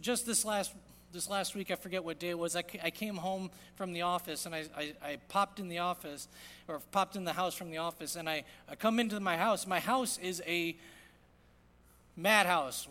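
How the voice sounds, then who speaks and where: Man, pastor, high voice, earnest sermon delivery, big echoing sanctuary. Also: normal speed. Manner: earnest, swings from loud emphasis to hushed quiet. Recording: long reverb of a large hall.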